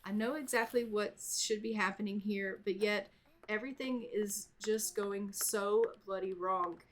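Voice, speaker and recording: A woman's voice: medium pitch, steady tone, a little slow, a little hiss or hum, lightly acted. A woman voicing a young wife who is anxious and exasperated that she can't get pregnant, asking question after question. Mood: frustrated, worried.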